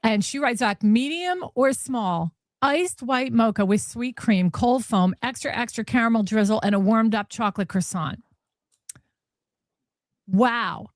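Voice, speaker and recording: A woman's voice: on the high side, a little slow, dry recording, studio quality. Incredulous woman reading texts aloud. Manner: incredulous, laughing. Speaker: commentary host.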